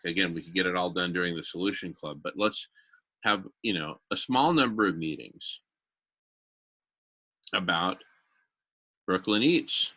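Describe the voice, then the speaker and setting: Brief: a man with a low, bright-edged voice, thinking aloud in a group meeting, eager and loose. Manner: rambling, enthusiastic, many fillers. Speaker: community meeting participant.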